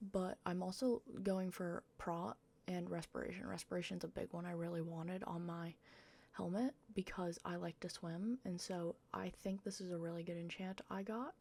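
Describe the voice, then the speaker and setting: A young woman with a low, gravelly voice narrates her gameplay in a casual, meandering way. She talks slowly and a bit self-deprecatingly, tossing in the odd swear word. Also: a little mellow. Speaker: gaming YouTuber.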